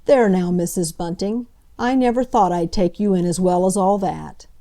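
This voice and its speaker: A woman's voice: on the low side, normal speed, dark tone, lightly acted. A woman voicing a friendly young male policeman who talks in a colloquial, apologetic way. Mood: rueful.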